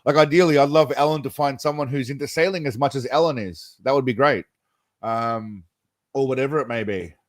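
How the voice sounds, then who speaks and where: A man's voice: mid-range voice, brisk, dry recording. A man hosting a casual livestream chat, rambling with lots of laughter and calling viewers mate and brother. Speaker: livestream host.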